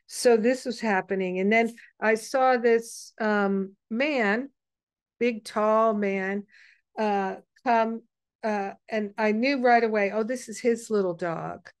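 Woman host, unhurried and soft, wanders through a story with pauses; dry, close sound. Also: on the high side, clear, resonant tone, no room sound. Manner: meandering and gentle, with frequent pauses and restarts. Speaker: host of an online spiritual gathering. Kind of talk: personal storytelling to an online group.

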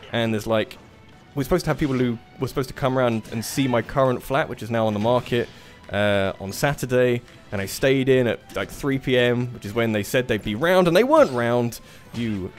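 A young man streaming a fighting game, chatting casually about moving house and swearing at his opponents. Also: mid-range voice. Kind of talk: casual gaming commentary. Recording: faint game music behind.

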